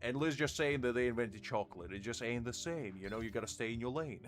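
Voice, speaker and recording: A man's voice: medium pitch, fast, soft background music. Man bantering in mock outrage. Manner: playfully argumentative, mock-outraged teasing. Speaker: game streamer. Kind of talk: casual live-stream banter.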